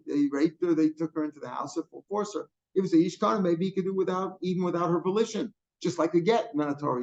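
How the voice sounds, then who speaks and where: Male Talmud teacher, fairly high voice, explains with repetition, muffled lo-fi sound. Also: darkish tone. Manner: explains by repeating and rephrasing, Hebrew and Aramaic terms. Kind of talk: line-by-line Talmud lesson. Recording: dull lo-fi recording.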